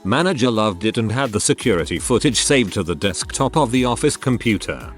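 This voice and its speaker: Brief: male narrator, low register, very expressive delivery, faint music bed underneath. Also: fairly quick. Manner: animated storytelling of reader anecdotes. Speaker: story narrator. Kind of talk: scripted narration.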